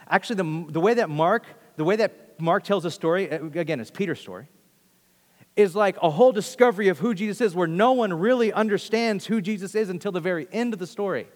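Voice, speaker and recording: A man preaching a sermon earnestly, often repeating phrases and restarting sentences. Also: high-pitched. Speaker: pastor. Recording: long hall reverb.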